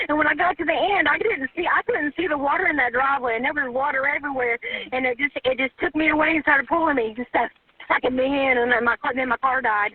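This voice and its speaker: A woman's voice: sits high, no room sound. A panicked woman calling for emergency help, crying, stammering and pleading over a phone line. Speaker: 911 caller. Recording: tinny phone line recording.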